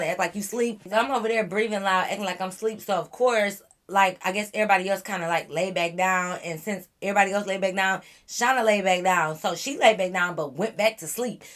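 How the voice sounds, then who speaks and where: A young woman vlogger telling a wild storytime to her viewers in an animated, slangy way. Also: medium pitch. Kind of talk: storytime chat to camera.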